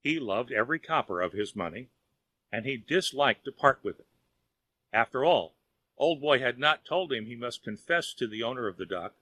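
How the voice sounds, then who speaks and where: A man narrating a children's audiobook in a lively storytelling manner. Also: medium pitch, moderate pace, no room sound.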